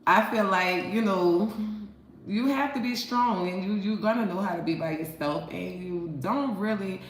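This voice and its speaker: Speaking at medium pitch and moderate pace, a vlogger with a New Orleans accent chats casually to camera, warmly calling her viewers honey and baby. The audio has a bit of hiss or hum, in an echoey room with faint ambience.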